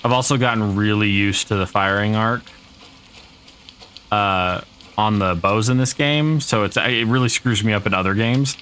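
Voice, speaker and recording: This man has a lowish, slightly bright voice at a normal pace, with a little hiss or hum on the audio. He streams a survival game with laid-back live commentary, thinking aloud and shrugging off setbacks.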